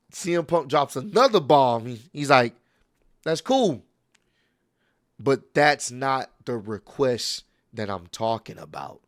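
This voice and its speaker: Animated man retelling a wrestling show. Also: a little high, dry recording, studio quality. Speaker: wrestling recap host. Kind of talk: casual recap commentary.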